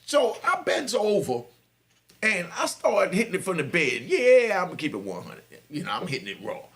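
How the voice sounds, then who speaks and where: Gravelly New man telling street stories. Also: sits high, huge pitch swings, normal speed. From New York. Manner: laid-back, full of "you know", chuckles. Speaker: podcast host. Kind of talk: street storytelling monologue.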